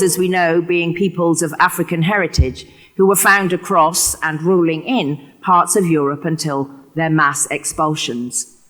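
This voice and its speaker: An English woman with a West Country accent gives a prepared keynote lecture. Her delivery is expressive, and she slips into performance whenever she quotes a line. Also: deep voice. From England. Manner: expressive, acts out quotations. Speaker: keynote speaker.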